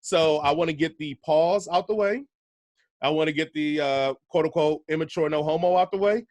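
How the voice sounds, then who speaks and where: A man's voice: a little high, moderate pace, a little mellow, no echo. A man hosting a casual podcast, chatty and laid-back, laughing easily between points. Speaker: podcast host.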